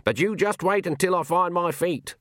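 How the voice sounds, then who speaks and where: A man's voice: high voice, normal speed, no echo, clean studio sound, pitched above the performer's own voice, close to an everyday voice. A man voicing a proud, stubborn old witch woman who speaks curtly with rural turns of speech, in a storybook reading.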